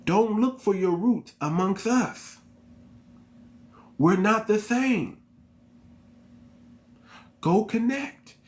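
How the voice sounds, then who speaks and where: A man's voice: sits high, animated, very slow, pauses often. A man from the United States hosting his channel, talking straight to his viewers in an emphatic, slangy commentary that repeats its points. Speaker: channel host. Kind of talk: unscripted commentary monologue.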